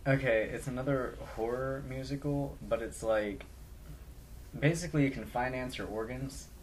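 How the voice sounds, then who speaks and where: A man co-hosting a podcast in relaxed, casual chat, peppered with fillers. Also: mid-range voice, normal speed, slight background noise. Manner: relaxed, chatty, filler-heavy. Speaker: podcast co-host.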